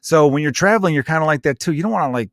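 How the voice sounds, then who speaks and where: A man hosts a casual podcast chat, talking quickly and swearing often. He is a stand-up comedian who rambles from one tangent to the next, and the sound is dry and close. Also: fairly high pitch, lively intonation, a bit bright, dry recording. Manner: fast, profane, tangent-prone. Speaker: podcast host.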